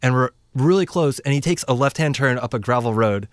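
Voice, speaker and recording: A man's voice: medium pitch, brisk, no echo, studio quality. A man telling a story in casual chat, rambling and full of "like" fillers as he acts out what people said. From United States. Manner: rambling, heavy use of "like" fillers, acts out quoted dialogue. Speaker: guest telling a travel story.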